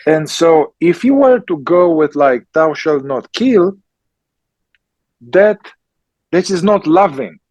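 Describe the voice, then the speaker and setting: A man, a therapist and teacher answering questions in a slow, emphatic conversational way, often checking in with "yeah?". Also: a little high, animated, darkish tone, no room sound, low-quality recording. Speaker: somatic psychotherapist and teacher.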